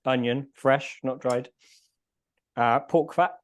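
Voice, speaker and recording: A man's voice: mid-range voice, fairly even intonation, slow pace. Man, podcast host, casual chat, mouth full, murmuring. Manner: chews and murmurs between words. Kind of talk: casual chat while tasting food.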